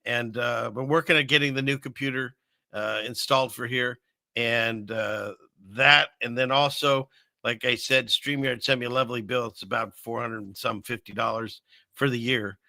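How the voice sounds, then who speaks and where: An older man chats on his live stream in a gravelly voice with plenty of fry. His tone is sharp and bright, and the sound is close and dry. He rambles, pokes fun at himself and restarts his sentences often. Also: medium pitch, fairly even intonation, moderate pace, no echo. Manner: rambling, self-mocking, lots of fillers and restarts. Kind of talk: casual live stream chat. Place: small upstairs room above a fireplace.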